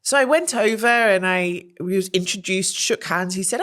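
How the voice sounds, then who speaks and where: A woman guesting on a podcast, telling stories in a lively way. She talks openly and acts out the people she quotes, with gasps and quick jumps in her voice. Her pitch sits mid-range for a woman. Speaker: guest, journalist and presenter. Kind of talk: candid interview talk, telling anecdotes.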